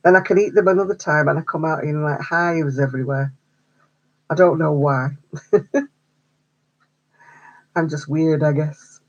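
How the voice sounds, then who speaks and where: A woman's voice: deep voice, steady tone, unhurried, pauses often, lo-fi sound. A woman hosting a craft livestream, chatting casually with viewers, answering their comments and laughing often. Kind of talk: casual chat with live viewers.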